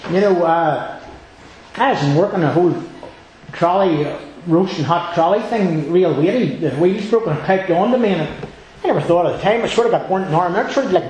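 Man, high voice, earnest rambling church testimony, heavy echo, meeting hall. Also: expressive, fairly quick, darkish tone. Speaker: church member giving testimony. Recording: very echoey room.

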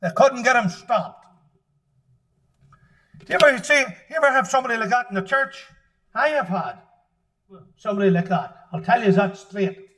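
A man preaches with fervour, his voice pitched very high and sharply bright. He leans hard on his points and breaks into shouts when he presses them home. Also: animated, moderate pace, long pauses, rough recording. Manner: fervent, emphatic preaching that rises to shouts. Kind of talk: sermon.

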